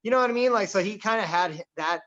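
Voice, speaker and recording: Boisterous high-voiced man ranting. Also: very fast. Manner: boisterous, loud and animated. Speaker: podcast host. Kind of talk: casual political chat. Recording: dull lo-fi recording.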